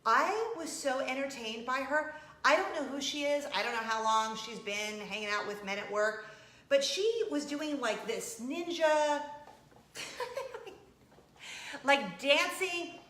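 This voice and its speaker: A woman's voice: high-pitched, measured pace, reverberant. A woman vlogger, chatting casually and playfully with her viewers. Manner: chatty and animated, with laughs and playful asides. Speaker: vlog host. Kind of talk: casual chat.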